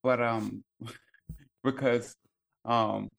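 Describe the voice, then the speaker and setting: A man's voice: medium pitch, steady tone, very slow, vocal fry, fairly bright tone. A young adult man, a podcast co-host, telling a family story in casual chat with many fillers and some swearing.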